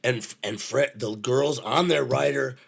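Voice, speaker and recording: A middle-aged man telling backstage stories in a casual, animated way, swearing freely and using lots of fillers. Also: mid-range voice, unhurried, gravelly, breathy edge. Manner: animated, profane, full of fillers. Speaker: podcast guest, venue manager. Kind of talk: casual anecdotal storytelling.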